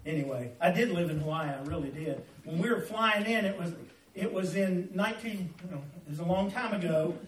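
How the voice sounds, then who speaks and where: A middle-aged male pastor with a strikingly high voice preaches a folksy, humorous sermon. He talks straight to his congregation, and the sound carries through an echoey church, picked up from some distance off the mic. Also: a little fast, fairly bright tone, a little hiss or hum. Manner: folksy preaching with humor and audience call-outs. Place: church sanctuary.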